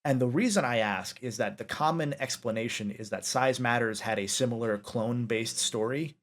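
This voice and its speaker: Male podcast host, mid-range voice, keen and detailed with questions, quick to reassure. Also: mid-range voice, fairly bright tone. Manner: eager, detailed questioner, brief affirmations. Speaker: podcast interviewer. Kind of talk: casual interview chat.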